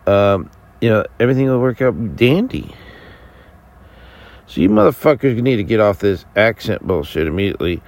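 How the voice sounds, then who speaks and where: Deep-voiced man ranting, rambling and profane. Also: very animated, creaky, darkish tone. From United States. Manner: halting with many fillers and restarts. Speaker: vlogger. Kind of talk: casual rant to camera.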